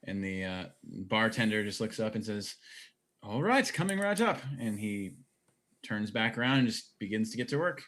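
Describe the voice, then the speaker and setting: Lowish man running a tabletop game. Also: steady tone, moderate pace, fairly bright tone. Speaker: dungeon master.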